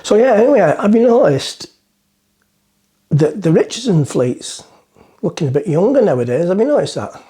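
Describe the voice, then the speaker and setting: A middle-aged vlogger sits at the front of a boat and rambles through a joke to the camera, chatty and self-mocking. His voice sits high, sing-song and warm, at a moderate pace.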